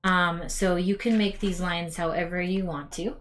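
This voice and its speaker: A woman's voice: lowish voice, steady tone, moderate pace, a bit bright, a little hiss or hum. A young woman hosting a casual cosplay crafting stream, talking straight to her viewers with plenty of ums as she works. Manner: chatty, talks to viewers as "you guys", many ums. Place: home craft room.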